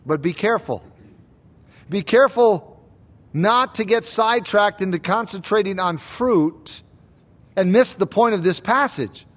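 A man preaching a sermon, slow and deliberate, repeating key words for emphasis. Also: sits high. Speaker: pastor.

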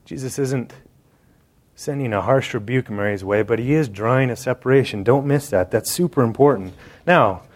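A man's voice: medium pitch, normal speed. Guy preaching a sermon, chatty and jokey, talks right to the crowd. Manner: conversational and joking, addressing the congregation directly.

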